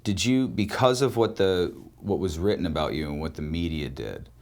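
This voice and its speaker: A man's voice: sits low, moderate pace, a little mellow. A man hosting a podcast, asking conversational questions that prompt the guest to go on. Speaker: podcast host. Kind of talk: interview questions. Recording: voice from off-mic.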